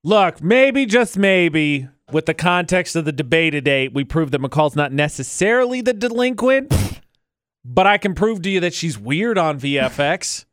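A man's voice: fairly high pitch, sing-song, moderate pace, fairly bright tone, no room sound, clean studio sound. A man co-hosting a radio show, teasing his co-host with playful jokes in casual banter.

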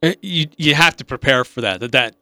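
A man's voice: medium pitch, brisk, pushed and bright, no echo. A man co-hosting a sports talk radio show, upbeat and rattling off team stats with small restarts. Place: radio studio.

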